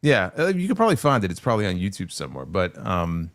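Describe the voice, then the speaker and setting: A man talks wrestling in a relaxed, halting way, circling back and restarting as he works through his point. His voice sits low. The mic is close and dry. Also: no room sound. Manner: hesitant, many fillers and restarts while explaining. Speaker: podcast co-host. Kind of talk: casual wrestling talk.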